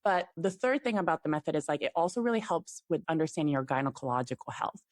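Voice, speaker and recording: Young woman, podcast guest, low and chatty, dry close sound, peppers her talk with fillers. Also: expressive, fast, no room sound. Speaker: guest, fertility app CEO. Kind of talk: casual podcast interview.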